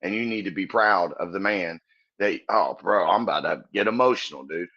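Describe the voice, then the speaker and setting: A man's voice: sits low, moderate pace, pushed and bright, muffled recording. A comedian guest on a podcast, a man telling stories in a casual, earnest and profane way, often laughing as he talks. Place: Texas.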